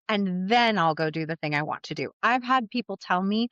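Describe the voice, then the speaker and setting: A woman life coach talks straight to her listeners in a candid, conversational solo podcast, blunt and unbothered about swearing. Her voice sits at an ordinary middle pitch. The recording is a little dull and muffled, with a dry, close sound. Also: animated, moderate pace, few pauses, fairly bright tone, no echo.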